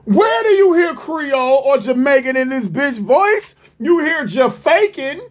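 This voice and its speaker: A man's voice: extremely high pitch, very animated, a little slow. A man giving profane reaction commentary, mocking and incredulous and swearing constantly.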